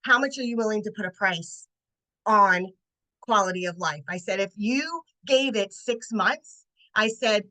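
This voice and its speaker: Woman, late forties, animated storyteller, acts out voices, crisp bright tone, video call. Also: mid-range voice, rough recording. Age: 40s. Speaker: network marketing consultant. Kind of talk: storytelling on a team training call.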